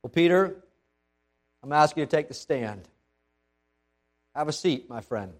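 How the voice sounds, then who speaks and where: Lively male preacher with a higher voice. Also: measured pace, faint music behind. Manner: lively and conversational, with frequent restarts. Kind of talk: sermon with dramatic scripture readings.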